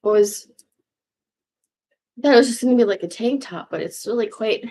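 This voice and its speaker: A woman's voice: on the high side, normal speed, warm tone, slight background noise. A woman in her sixties rambling casually at home in a goofy, self-mocking way, swearing freely and drifting now and then into whispers. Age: 60s. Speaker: vlogger. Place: home room.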